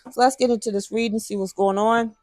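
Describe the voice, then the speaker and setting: A woman's voice: a little high, fairly even intonation, fast, a little mellow, no echo. Chatty woman doing a card reading. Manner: chatty, drops into slang, talks to viewers directly. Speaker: tarot reader. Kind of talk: casual spiritual card reading.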